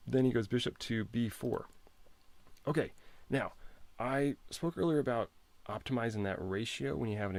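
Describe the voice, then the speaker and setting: A man with a low voice and a gravelly edge talks through a chess game in a relaxed lesson. He is chatty and interrupts himself, stopping to set puzzles for the viewer. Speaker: chess instructor. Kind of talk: casual chess lesson walkthrough.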